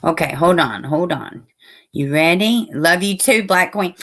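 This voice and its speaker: A woman's voice: on the low side, animated, unhurried, a bit bright. Chatty woman streaming live. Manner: loose and rambling, swearing, talking to viewers. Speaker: true crime livestream host. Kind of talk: casual livestream chat.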